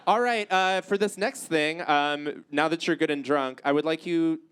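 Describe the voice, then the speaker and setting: A man's voice: fairly high pitch, moderate pace, fairly bright tone, a little hiss or hum. A man working as assistant and scorekeeper at a live comedy game show, keeping things organized. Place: theater stage.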